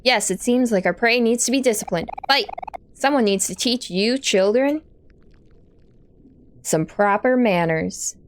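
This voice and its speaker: A woman voicing greedy, scheming villainous sisters from a game, with a slow, mock-polite, menacing drawl. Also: a little high, background noise, natural voice.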